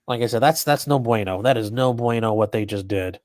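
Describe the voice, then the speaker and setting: A man hosting a live commentary stream, reading chat questions aloud and answering off the cuff. His voice sits at an ordinary middle pitch, and his manner is blunt, chatty and freely profane. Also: brisk, darkish tone. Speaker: livestream host commenting on a trial.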